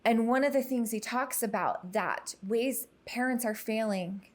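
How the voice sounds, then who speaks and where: A woman podcast guest talking about youth mental health in an earnest, emphatic way, in casual conversation. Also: fairly high pitch. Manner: earnest, emphatic, quick to explain.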